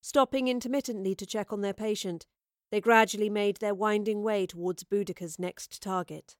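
A woman narrating a fantasy audiobook in a measured, steady storytelling voice. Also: medium pitch, no echo. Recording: dry close recording.

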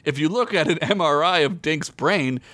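A man's voice: a little high, moderate pace, bright, forceful tone, no echo. A man hosting a comedy podcast, reading his own silly adventure story aloud with jokey asides and frequent laughter. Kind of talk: comic story reading with banter.

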